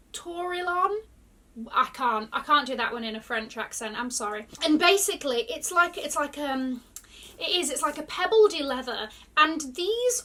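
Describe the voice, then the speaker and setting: A woman vlogger chatting excitedly through an unboxing, gasping and gushing. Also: high voice, distant mic. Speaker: luxury fashion vlogger. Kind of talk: casual unboxing chat.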